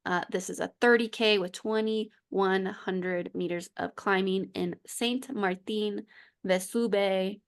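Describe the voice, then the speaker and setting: A woman's voice: medium pitch, flat delivery, measured pace, gravelly, few pauses. A woman co-hosting a podcast in casual chat, chatty, with frequent laughs and fillers. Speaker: podcast co-host.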